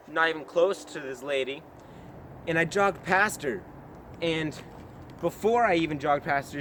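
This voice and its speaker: A man's voice: fairly high pitch, fairly bright tone, slight background noise. A young man from the US, a vlogger telling a rambling comic story in a mock-serious tone, recording himself outdoors on a handheld camera. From United States. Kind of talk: comedic storytelling vlog. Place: outdoors on a trail in woods.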